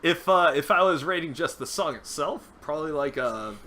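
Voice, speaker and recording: A man's voice: fairly high pitch, lively intonation, normal speed, bright, forceful tone, slight background noise. A man co-hosting a casual song review, hesitant with many fillers and laughing easily. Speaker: co-host reviewing songs. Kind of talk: casual chat.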